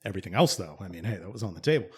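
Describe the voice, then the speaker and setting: A man in his forties co-hosting a podcast, telling a long, profane story in a rambling way and getting animated when he quotes other people. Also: sits low, rapid-fire, breathy edge. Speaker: podcast co-host. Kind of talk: casual storytelling chat.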